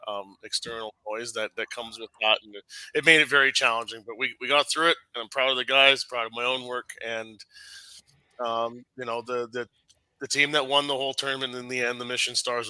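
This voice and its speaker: A man who referees hockey, talking casually and haltingly on a podcast, with many restarts. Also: medium pitch, fairly even intonation, bright, forceful tone, clean tone, dry recording, rough recording.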